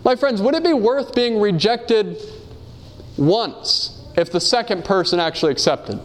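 High-voiced man preaching earnestly. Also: animated, unhurried. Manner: earnest, asks the audience many rhetorical questions; reads quotations aloud and tells personal stories. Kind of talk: sermon.

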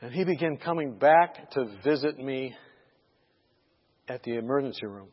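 A male preacher telling a story in a sermon. He swings between shouting and whispering. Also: medium pitch, normal speed, big-room sound, highs cut off.

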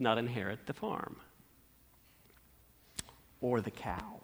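A male pastor preaching a sermon through an animated story, asking the congregation questions. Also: sits high, normal speed.

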